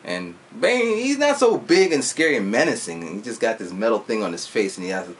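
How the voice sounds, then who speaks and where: A vlogger in his forties casually recounts a movie's story, adding sound effects and some swearing. His mid-range voice is very animated and fairly quick, with slight background noise.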